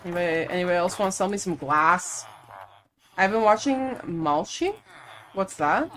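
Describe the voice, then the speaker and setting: A young woman with a slightly low voice chats loosely through a live gaming stream. She rambles from one thing to the next and laughs easily, in an offhand, conversational way. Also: lively intonation, a bit bright. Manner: chatty, rambling, quick to laugh. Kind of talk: casual chat while gaming.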